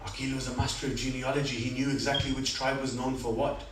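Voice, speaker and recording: A man giving a sermon at a religious gathering, telling stories with dramatic rises and soft, quiet reflections. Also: mid-range voice, flat delivery, quick pace. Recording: echoey hall, speaker far from mic, faint room noise.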